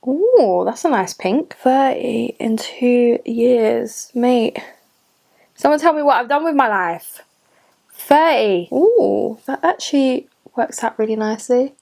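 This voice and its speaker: A woman's voice: sits high, lively intonation, measured pace, darkish tone. A woman in her late twenties chatting casually through a makeup tutorial, gushing and talking to herself as she goes. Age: late 20s. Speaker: beauty vlogger. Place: home room at a cluttered desk.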